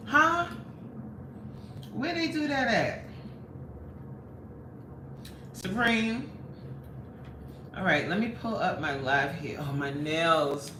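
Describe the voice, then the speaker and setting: Animated New woman chatting on livestream. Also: on the high side, background noise. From New York. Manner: chatty, laughs often, greets viewers by name. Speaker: livestream host. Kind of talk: casual livestream chat reading comments. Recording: echoey room, voice off mic.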